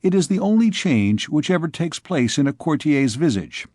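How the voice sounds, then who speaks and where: A man narrating a classic novel as an audiobook, in a measured storytelling manner. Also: a little high, big pitch swings, a little mellow, dry recording, clean studio sound. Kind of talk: scripted narration.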